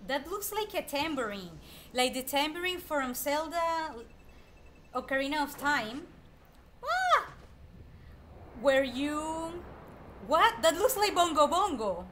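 A woman streaming a video game, excitedly chatting to the enemies she fights and repeating herself when frustrated, with game music faintly behind her. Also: sits high, slight background noise. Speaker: gameplay streamer. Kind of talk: live gameplay commentary.

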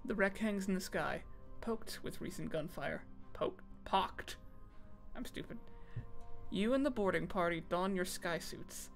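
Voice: mid-range voice, normal speed, creaky, soft background music. A streamer reading game text aloud on a casual stream, often stumbling over words and making fun of themself.

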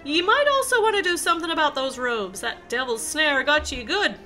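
A woman voicing a big, kindly male giant groundskeeper in a rough, put-on rural accent. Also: sits high, animated, fairly quick, pushed and bright, soft background music. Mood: gruff, kindly.

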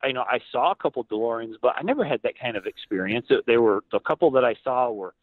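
A man, a podcast guest, chatting casually and telling lively stories in which he acts out what other people said. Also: medium pitch, quick pace, no room sound. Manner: animated storyteller who acts out other people's lines. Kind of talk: casual storytelling chat. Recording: tinny phone-like line, dry.

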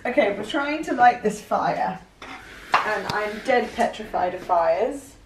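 A woman's voice: mid-range voice, animated, slow pace. Chatty giggly young woman vlogging. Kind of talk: casual vlog chat. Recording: loud background noise.

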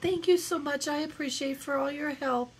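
A woman's voice: sits high, normal speed, background noise, lightly acted. A woman playing an overwrought, sweetly polite sister wife in a prank call, melodramatic and weepy. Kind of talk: prank call role-play.

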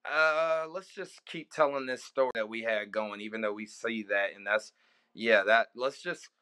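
A man's voice: lowish voice, moderate pace, pushed and bright, clear, resonant tone, no room sound. A man hosting a podcast, chatting in a laid-back way and reacting with short interjections. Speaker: podcast host. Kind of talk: casual chat.

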